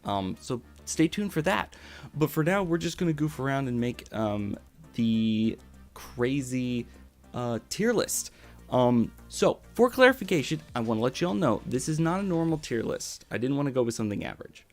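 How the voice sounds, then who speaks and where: A man's voice: medium pitch, lively intonation, normal speed, darkish tone, soft background music. A young man streaming live, gushing thanks to his viewers with many fillers and repeated words. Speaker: VTuber streamer. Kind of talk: excited live-stream chat.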